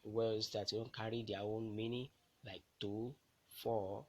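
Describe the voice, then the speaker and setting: A man's voice: lowish voice, little pitch movement, takes it slowly, rough recording. A man teaching a lesson, explaining step by step and stressing key words. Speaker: English language teacher. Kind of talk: classroom lecture.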